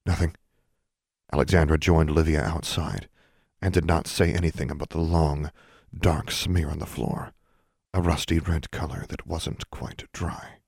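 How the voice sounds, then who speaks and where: A man narrating an audiobook in an even, measured storytelling manner that hushes for suspense. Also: extremely low pitch, creaky, no echo, clean studio sound. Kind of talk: scripted narration.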